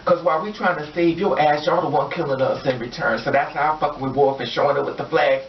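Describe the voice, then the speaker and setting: A woman's voice: deep voice, fast talker, hardly any pauses, recorded from a distance. A woman vlogger delivering an angry, blunt, profane rant straight to her viewers. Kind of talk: impassioned rant to camera. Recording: echoey room, off mic, dull lo-fi sound.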